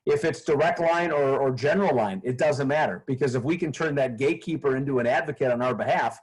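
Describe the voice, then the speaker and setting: A man being interviewed as a sales trainer, explaining his methods in an energetic, animated way. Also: medium pitch, quick pace, husky, rough recording. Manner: animated, acts out phone calls in a bright raised voice.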